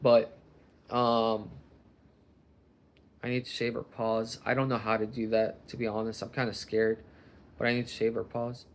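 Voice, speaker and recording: A young man rambling in a casual vlog monologue, often breaking off and restarting, and jumping up loud and high when he acts out other people. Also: moderate pace, pauses often. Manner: rambling, self-interrupting, jumps to loud animated voices when quoting people. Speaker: vlogger.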